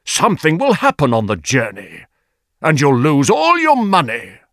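A man reading the part of a keen gentleman, listing things with eager emphasis. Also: a little high, huge pitch swings, normal speed, no echo, studio quality, pitched above the performer's own voice, full character voice. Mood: eager, emphatic. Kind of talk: audiobook character reading.

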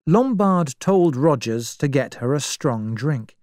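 A narrator reading a story aloud very slowly and clearly, with expressive delivery. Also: medium pitch, no room sound, studio quality.

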